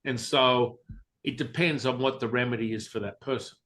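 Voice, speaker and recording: A man speaking as a guest in a relaxed interview. His voice sits at an ordinary middle pitch. He talks bluntly and candidly, slipping into voices when he quotes people. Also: normal speed, slight background noise. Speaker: Taoist teacher, interview guest. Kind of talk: casual storytelling interview.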